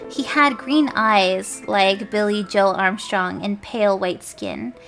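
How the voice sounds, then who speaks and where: A woman's voice: mid-range voice, animated, takes it slowly, fairly bright tone, faint music behind. A woman streamer reading fan fiction aloud with commentary, stumbling over words, laughing and swearing as she goes.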